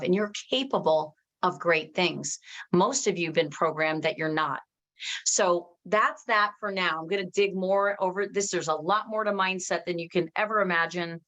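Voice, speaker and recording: Fast-talking woman pumping up her team, lowish voice, emphatic, keeps restarting sentences. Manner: energetic, emphatic, reads out viewers' comments. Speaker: company executive giving a team training. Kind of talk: motivational training talk.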